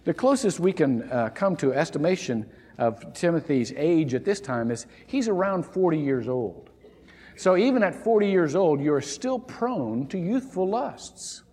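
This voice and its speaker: A man preaching a sermon in a church, animated and conversational, often restarting his phrases. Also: fairly high pitch, big-room sound. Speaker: pastor. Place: church sanctuary.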